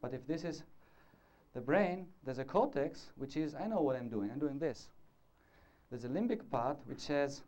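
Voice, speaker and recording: Dark-voiced man lecturing at a conference. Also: fairly high pitch, lively intonation, moderate pace. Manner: discursive, demonstrating with gestures and asking the audience. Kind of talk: live conference talk. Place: lecture hall before an audience. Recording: dull lo-fi 1990s conference tape.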